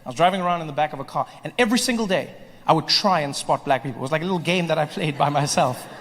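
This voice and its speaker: Animated male stand-up comic, echoing hall. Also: fairly high pitch, rapid-fire. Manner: animated storytelling, playful. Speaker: stand-up comedian. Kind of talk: stand-up comedy set. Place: live comedy venue.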